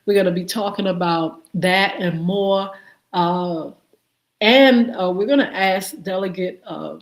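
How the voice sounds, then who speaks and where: Slow-talking woman host, echoey room. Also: mid-range voice. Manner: warm greetings to viewers, many fillers. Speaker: morning show host. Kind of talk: live-stream greetings and announcements.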